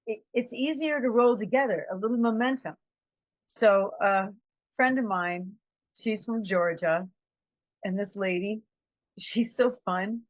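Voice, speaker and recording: A woman's voice: mid-range voice, measured pace, no room sound, lo-fi sound. A woman giving a conversational, reflective motivational talk as a trainer. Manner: conversational, reflective, acts out quotes.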